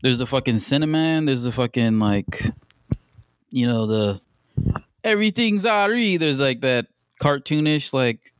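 A man's voice: medium pitch, lively intonation, unhurried, clear, resonant tone, no room sound, studio quality. A young man co-hosting a podcast in casual chat, rambling and swearing with lots of fillers. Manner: rambling, profane, many fillers. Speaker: podcast co-host.

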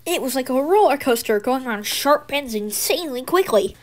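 A woman telling a home-made toy train story in a plain, unhurried manner. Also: sits high, animated.

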